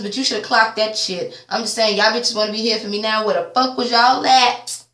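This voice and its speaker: A tired woman giving a sassy, casual TV episode recap, swearing freely and jumping up in pitch when she quotes the characters. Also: a bit bright. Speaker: TV recap vlogger. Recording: echoey room.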